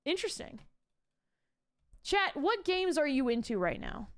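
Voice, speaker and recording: A young woman streaming live, chatting and ranting to her viewers in an animated way, swearing casually. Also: high voice, measured pace. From Canada. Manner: animated, ranty, swears casually, talks to chat.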